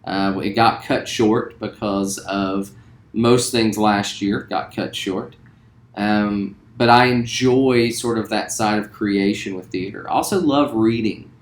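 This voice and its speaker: Give me a man in his forties, a teacher introducing himself in a relaxed, friendly way, recorded in an echoey room. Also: fairly low pitch, slow pace. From West Virginia. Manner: relaxed, friendly, frequent ums and uhs. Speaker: high school theater teacher. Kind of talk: recorded self-introduction to students. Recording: roomy echo.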